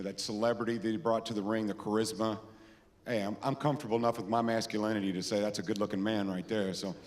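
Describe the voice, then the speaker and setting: A man giving an informal tribute speech at an awards dinner, telling anecdotes with restarts and repeated words. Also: fairly low pitch. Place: large casino ballroom. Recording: echoey ballroom PA.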